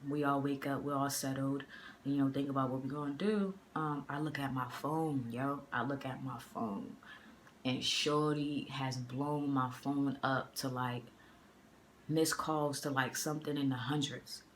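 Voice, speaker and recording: A woman's voice: rumbling low, fairly even intonation, unhurried, a little hiss or hum. A woman from the area, telling a story in a casual storytime vlog. She talks in a loose, chatty way full of fillers and slang, recorded on a phone. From Boston area. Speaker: vlogger. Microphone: phone camera.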